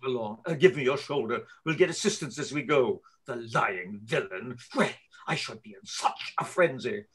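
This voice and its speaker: A man reading a part aloud in a live play reading, blustering and gruff. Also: mid-range voice, animated, normal speed, few pauses, a bit bright. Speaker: volunteer reader playing Sir Anthony.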